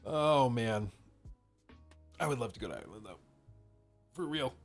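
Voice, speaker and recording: A man's voice: mid-range voice, lively intonation, moderate pace, soft background music. A man hosting a live stream, rambling casually as he reads and answers viewer messages. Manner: rambling, reacting to chat with frequent restarts.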